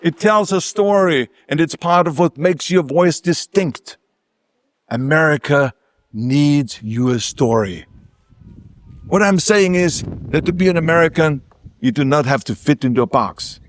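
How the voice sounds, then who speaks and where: At an outdoor ceremony, an older man, a native German speaker with a German accent, gives an emphatic ceremonial speech as a guest speaker, laced with self-mocking humor. His voice is slightly high, at a moderate pace, with a faint crowd audible.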